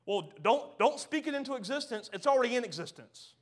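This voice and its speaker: A man with a high-set voice preaches with fervor, swinging between loud, emphatic bursts and quiet, low asides. He often stumbles and repeats words as he pushes his point. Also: very animated, brisk. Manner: passionate, builds to loud emphatic peaks then drops low and soft. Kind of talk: sermon.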